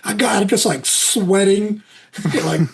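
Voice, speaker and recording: A man's voice: high-pitched, slow, creaky, a little hiss or hum. A man playing a tabletop game with friends, playful and often laughing. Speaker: player. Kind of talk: casual tabletop play.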